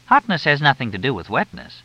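A man's voice: mid-range voice, sing-song, sharp tone, pitched above the performer's own voice, heavily acted. A man doing a bossy older grandmother. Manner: brisk, bossy, matter-of-fact. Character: blunt older wealthy woman, mother and grandmother. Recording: dull lo-fi dry recording.

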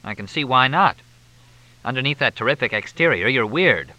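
A man voicing a sharp, teasing female news reporter, with dry, quick, playful banter. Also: mid-range voice, animated, dry recording, voice pushed up, poor audio.

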